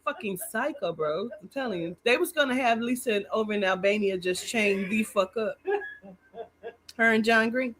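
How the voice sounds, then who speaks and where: A woman co-hosting a podcast, chatting casually with loud laughter and plenty of swearing. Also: fairly high pitch, moderate pace, a little hiss or hum. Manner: loud, profane, bursts into laughter. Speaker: podcast co-host. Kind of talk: casual chat.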